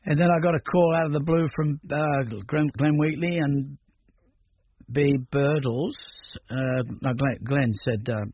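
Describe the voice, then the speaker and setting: A man's voice: fairly high pitch, steady tone, unhurried. An older man from Australia, talking through his music career in a rambling, hesitant radio interview full of restarts. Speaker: musician guest. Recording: dull radio recording with faint noise.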